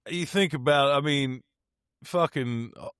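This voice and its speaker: A man's voice: medium pitch, a little slow, a bit bright, smooth, no echo. A man co-hosting a podcast, chatting in a loose, rambling way and swearing freely. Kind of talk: casual chat.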